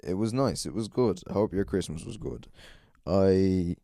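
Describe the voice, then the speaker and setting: A man's voice: sits low, moderate pace, gravelly, dark tone, dry recording, studio quality. An Irish man hosting a solo podcast, rambling and swearing a lot, self-mocking and a bit out of breath. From Ireland. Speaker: podcast host.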